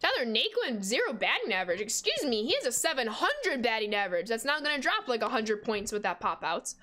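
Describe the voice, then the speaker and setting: A young woman in her twenties streaming a baseball video game, chatting with viewers and reacting with sudden excited squeals. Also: fairly high pitch, brisk, slight background noise. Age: 20s. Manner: chatty, reads out and answers chat while playing. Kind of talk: casual game stream chat.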